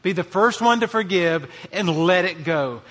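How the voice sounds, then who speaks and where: Pastor guy preaching, high bright voice, earnest, lots of reverb around him. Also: lively intonation, moderate pace. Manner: earnest preaching, rising emphasis on key phrases. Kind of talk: sermon.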